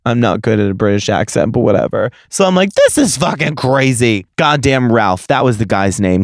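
A young man hosting a podcast, telling a story in a casual, animated and profane way. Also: medium pitch, clean tone, dry recording, clean studio sound. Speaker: podcast host.

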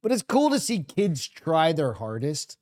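A man's voice: on the high side, huge pitch swings, unhurried, a little mellow, no echo. Casual bantering podcast man, dry sound. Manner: loose, profane banter, reads news items aloud. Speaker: podcast co-host. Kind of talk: casual chat.

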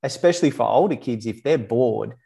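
A man with a gravelly, mid-pitched voice. He talks through ideas in long, casual runs and keeps checking in with listeners. The tone is relaxed and conversational, as on a podcast. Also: a little fast. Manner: explains in long runs, often tagging "right?".

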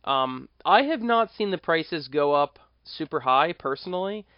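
An American man with a slightly raised pitch hosts a casual podcast and rambles on in an easy, chatty monologue. He stops and restarts his sentences as he thinks aloud. The recording is dry and close, with no room sound. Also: expressive, a little slow, no echo, highs cut off. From United States. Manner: rambling, self-correcting, conversational. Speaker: podcast host.

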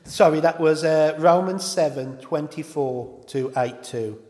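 A man's voice: fairly high pitch, unhurried, warm tone. A man preaching a sermon in an informal way, often stopping to correct himself and apologise. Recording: echoey hall with long reverb.

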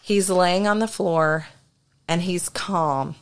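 A woman's voice: fairly low pitch, takes it slowly, clear, resonant tone. A woman co-hosting a podcast, earnestly telling a ministry story in a casual, story-driven way. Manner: earnest, story-driven, with frequent restarts and fillers. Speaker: podcast co-host and deliverance minister.

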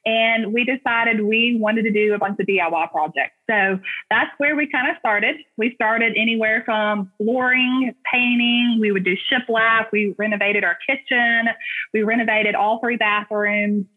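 A woman's voice: a little high, normal speed. Southern woman on a tinny phone line. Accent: Southern American. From Alabama, US South. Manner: relaxed, easygoing, frequent ums. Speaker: guest, blogger and home decor influencer. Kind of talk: casual interview answers.

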